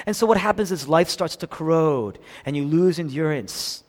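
Male pastor, fairly high voice, dramatic sermon delivery, long reverb of a large hall. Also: animated, normal speed, hardly any pauses. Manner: dynamic preaching, acts out quotes with big swings in pitch and volume.

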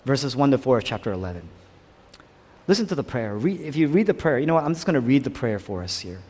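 A male pastor preaching a sermon, repeating phrases for emphasis and dropping to a hushed near-whisper at times. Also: medium pitch, sing-song, quick pace, slightly rough. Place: church hall. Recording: long reverb of a large hall.

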